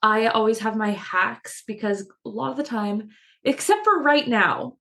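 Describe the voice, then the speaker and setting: A woman's voice: on the high side, unhurried, gravelly, pushed and bright. A woman co-hosting a casual spiritual podcast, chatty and self-mocking, laughing often as she talks. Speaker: podcast co-host. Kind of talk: casual chat.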